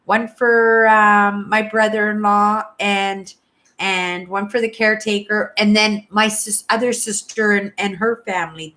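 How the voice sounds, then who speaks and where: A woman's voice: mid-range voice, bright, forceful tone. A woman in her sixties from Canada, hosting a casual livestream and chatting with viewers in a rambling way, often adding "right?" to what she says. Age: 60s. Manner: chatty, rambling, tags "right?" after most sentences. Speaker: livestream host. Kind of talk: casual chat with live viewers.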